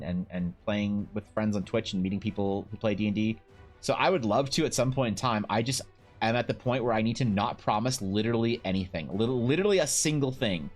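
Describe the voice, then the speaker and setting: A young man chatting casually on a live stream while he paints, telling stories in a rambling, animated way with lots of restarts. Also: fairly low pitch. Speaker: Twitch streamer and artist.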